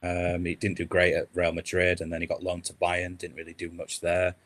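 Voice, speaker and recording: A man guesting on a casual football podcast, easygoing and measured. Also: low voice, monotone, fairly bright tone.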